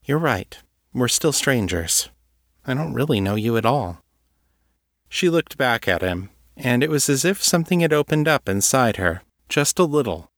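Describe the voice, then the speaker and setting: A man reading a young woman who is part succubus, gently softening her guard. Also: mid-range voice, sing-song, normal speed, no room sound, studio quality, voice pushed up. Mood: tender.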